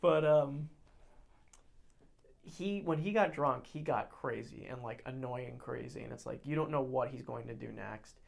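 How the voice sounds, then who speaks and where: Low gravelly young woman storyteller. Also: measured pace. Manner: animated, acts out quoted voices loudly; many fillers and restarts. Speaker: podcast co-host. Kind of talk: casual storytelling chat.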